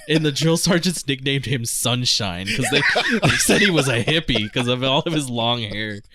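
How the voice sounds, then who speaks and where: A man's voice: mid-range voice, moderate pace, background noise. A man co-hosting a podcast in casual chat, easygoing and reactive, who often laughs. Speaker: podcast co-host.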